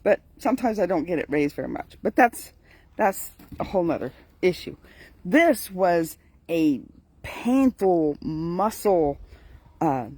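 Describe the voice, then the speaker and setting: A tired older woman chats through her morning vlog in an unhurried way, drifting from one thought to the next. Her pitch swings up and down a lot as she talks, and she laughs easily between sentences. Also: darkish tone, no room sound. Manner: chatty, laughs often, digressive. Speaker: vlogger.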